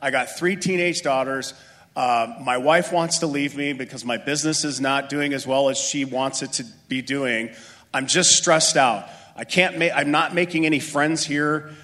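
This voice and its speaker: A man's voice: mid-range voice, normal speed, pushed and bright, close to an everyday voice. Brief: a speaker doing a distraught middle-aged man, stressed and pleading, reverberant hall sound. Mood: desperate.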